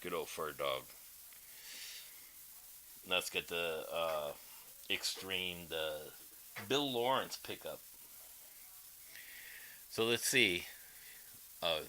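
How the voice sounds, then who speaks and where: Male guitarist streamer, animated and rambling, greets the chat between licks. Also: low-pitched, slow pace, long pauses, a little hiss or hum, low-quality recording. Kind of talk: casual livestream chat.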